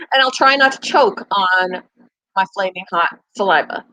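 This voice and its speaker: A woman's voice: medium pitch, lively intonation, a little slow, bright, forceful tone, dry recording, poor audio. A middle-aged woman hosting her own channel, chatting casually with viewers, self-mocking and laughing often. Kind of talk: casual chat.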